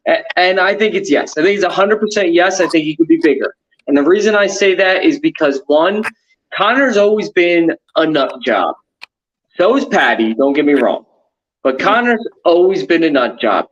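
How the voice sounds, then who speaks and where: A man's voice: a little high, muffled recording. A man talking casually and animatedly as a panelist on a sports show, rambling with restarts. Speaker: podcast panelist.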